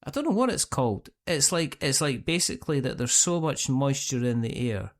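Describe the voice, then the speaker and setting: A middle-aged Scottish man hosting a podcast in a relaxed, chatty voice. His pitch sits in an ordinary middle range for a man. He tells long, rambling stories that keep circling back and restarting. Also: moderate pace. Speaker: podcast host. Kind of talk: casual chat.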